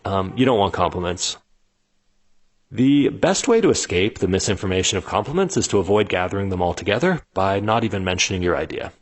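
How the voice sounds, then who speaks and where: A man's voice: low-pitched, fairly quick. A man casually teaching how to run customer conversations, full of conversational fillers, and slipping into the voices of the people he describes. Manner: conversational, many fillers, animated when quoting people. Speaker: instructor explaining customer interviews. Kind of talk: casual spoken lesson, acting out example dialogues.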